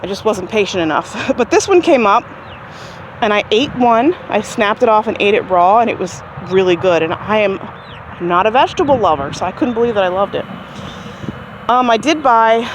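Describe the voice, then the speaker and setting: A woman giving a casual, rambling tour of her vegetable garden outdoors, talking to the camera as she walks. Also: a little hiss or hum. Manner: chatty and rambling, talks to her chickens in a high sing-song. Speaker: gardening vlogger. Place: outdoors in a backyard garden near chickens. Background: birds and chickens clucking faintly.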